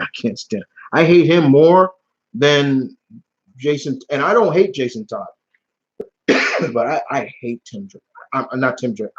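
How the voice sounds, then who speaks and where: Hosting a live Q&A stream, this young man speaks in a mid-range, slightly rough voice, casual in tone yet blunt and heated. He swears a lot and keeps restarting sentences, and the stream audio sounds dull and lo-fi.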